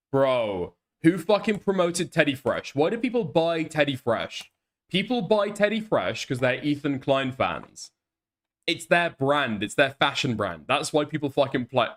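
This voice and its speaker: Profane, animated young man ranting. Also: a little high, a little slow. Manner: profane, emphatic, repeats "okay?" to press points. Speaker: streamer reacting to clips. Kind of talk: casual ranting commentary.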